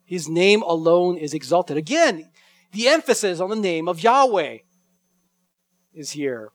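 A man preaching an expository sermon, slowing down to read scripture lines with weight and emphasis. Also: high voice, lively intonation, dry recording. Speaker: pastor.

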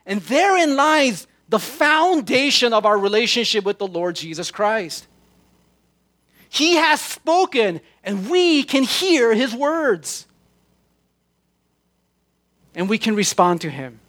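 A man preaching a sermon, slowing down and stressing his words as he quotes scripture. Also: very high-pitched, big pitch swings, fairly bright tone. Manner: slow, emphatic preaching with drawn-out scripture quotes. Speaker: pastor.

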